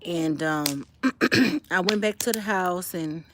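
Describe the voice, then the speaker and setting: A woman's voice: on the low side, animated, slow pace, a little hiss or hum. A woman livestreaming outdoors by a fire on a cold night, chatting straight to her viewers and telling a personal story. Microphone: phone livestream.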